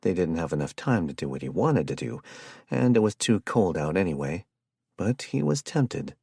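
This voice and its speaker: Un hombre que narra un audiolibro con lectura pausada y constante. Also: male voice, sits low, sing-song, creaky, a little mellow, husky, no echo, clean studio sound. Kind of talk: scripted narration.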